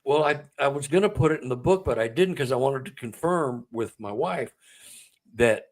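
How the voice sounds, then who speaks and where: A man on as a guest, telling a personal story in a conversational, emotional way. He gets excited and stumbles over repeated words when the memory moves him. His voice sits close to tears. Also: medium pitch, normal speed. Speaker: author and guest.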